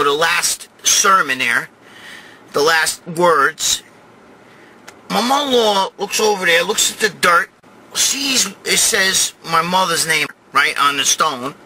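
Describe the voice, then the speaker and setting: Loud, profane New York Italian man. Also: fairly high pitch, slight background noise, low-quality recording. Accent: New York Italian-American. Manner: profane, rambling, swings to loud shouting. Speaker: show host telling a story. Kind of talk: crude comic storytelling monologue.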